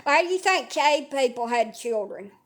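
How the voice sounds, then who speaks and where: A woman's voice: high-pitched, animated, moderate pace. A woman, talking casually from bed, blunt, sarcastic and swearing freely. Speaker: social media livestreamer. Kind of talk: casual rambling livestream talk. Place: in bed at home.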